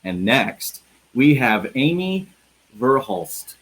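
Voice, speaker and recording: A man's voice: mid-range voice, expressive, fairly quick, fairly bright tone, poor audio. A man from the Midwest hosting a casual live interview over a video call, chatty and joking, often restarting his phrases. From American Midwest. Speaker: interview host.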